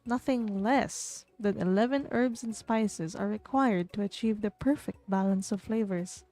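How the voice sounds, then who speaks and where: A woman voicing a courteous old gentleman cook in a dating game, speaking formally and politely. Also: mid-range voice, measured pace, soft background music, close to an everyday voice. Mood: courtly.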